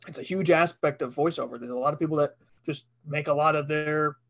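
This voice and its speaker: Man, voice actor guest, casual podcast chat, slightly high voice, joking and swearing. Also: brisk, vocal fry, fairly bright tone. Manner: joking, swears freely, laughs often.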